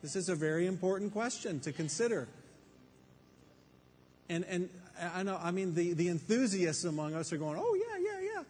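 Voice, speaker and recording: Faint reverb and background noise surround a man preaching Bible teaching to a room full of people. His voice is high and a little mellow, at a moderate pace with long pauses, and he speaks conversationally and emphatically, using rhetorical questions.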